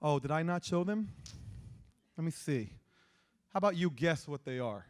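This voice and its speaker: A man's voice: fairly high pitch, animated, normal speed, smooth. A man with an Israeli accent giving an interactive lecture and quizzing the audience with questions. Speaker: persuasion lecturer.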